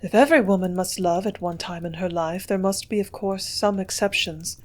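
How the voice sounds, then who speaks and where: A woman's voice: medium pitch, normal speed, natural voice. A woman reading the part of a secretive, aloof young society woman in an audiobook, her delivery cool and guarded. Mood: dismissive.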